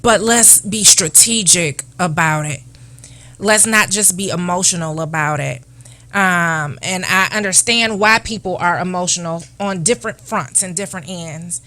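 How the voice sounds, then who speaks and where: Bright-voiced woman urging people to vote. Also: fairly low pitch, measured pace. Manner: earnest, urging, repetitive calls to vote. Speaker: elected official guest. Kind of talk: political appeal on talk show.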